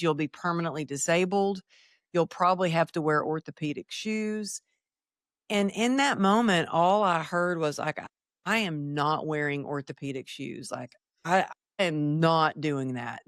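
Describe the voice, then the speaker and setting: A middle-aged woman, a podcast guest, telling a personal story and acting out the dialogue with lively shifts. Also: low voice, no room sound, clean studio sound. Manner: animated, acts out quoted dialogue.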